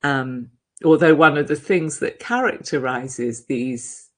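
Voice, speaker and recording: A woman meditation teacher giving a dharma talk over a video call, gentle and reflective, with soft hesitations. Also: deep voice, slow pace.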